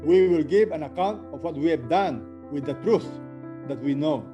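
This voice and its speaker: A man's voice: on the high side, animated, normal speed, music in the background. A man closing a sermon, earnestly urging the listeners to be ready. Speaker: preacher.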